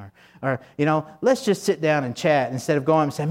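A man's voice: fairly high pitch, fairly quick. Guy preaching a sunday sermon, folksy and chatty, lots of "you know"s. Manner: conversational, folksy preaching with many fillers. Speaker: pastor.

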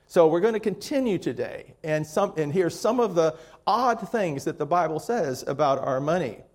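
A male pastor preaching a sermon in a chatty, rambling way with many restarts, warming up with a joke. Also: fairly high pitch, expressive, normal speed.

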